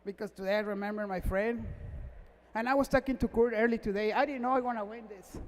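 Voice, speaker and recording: A man, a race car mechanic, gives a halting, emotional acceptance speech at an awards gala, close to tears and often repeating himself in non-native English. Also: high-pitched, steady tone. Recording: echoey hall reverb.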